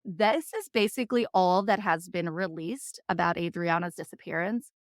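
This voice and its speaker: A woman's voice: on the low side, normal speed, no room sound, studio quality. A woman co-hosting a true crime podcast, reading case details and chatting with emphatic agreement. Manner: reads case notes, then chats with emphatic agreement. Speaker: podcast co-host.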